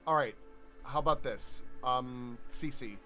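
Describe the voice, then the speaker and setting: A man playing a tabletop game, excitable and often laughing, stammering when flustered. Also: mid-range voice, takes it slowly, faint music behind. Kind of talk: animated tabletop game banter.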